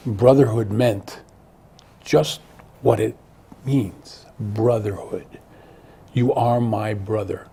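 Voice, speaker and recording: A man's voice: on the low side, warm tone, husky. A man, an author, talking earnestly in an interview, often restarting and repeating words. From Connecticut. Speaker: author guest. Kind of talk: interview conversation.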